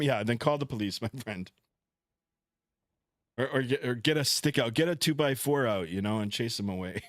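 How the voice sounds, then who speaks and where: A man's voice: medium pitch, animated, normal speed, dry recording, studio quality. A Canadian man streaming a flight simulator, chatting casually and reading viewer comments aloud. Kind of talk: casual live-stream chat.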